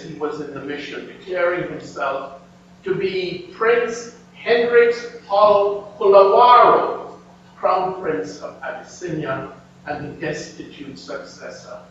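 A man giving an animated, emphatic history lecture with slides, speaking to an audience in a lecture hall. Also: on the high side, a little slow. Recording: echoey, distant, dull lo-fi room recording with faint hum.

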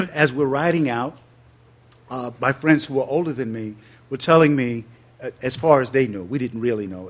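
A man, telling a personal story in an interview and acting out quotes in loud, high bursts. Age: 60s. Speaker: interview guest.

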